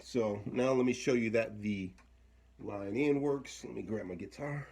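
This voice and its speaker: A man's voice: on the low side, a little slow, vocal fry, a little mellow, slight background noise. A man talking casually through a hands-on equipment demo, thinking aloud and trailing off mid-sentence. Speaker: equipment demonstrator.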